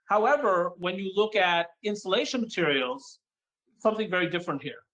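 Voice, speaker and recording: A man giving a conference talk as an economist, walking an audience through charts in a lively, emphatic way. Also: sits high, brisk, poor audio. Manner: lively and emphatic, acts out audience questions in a mock voice. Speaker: economist giving a keynote forecast.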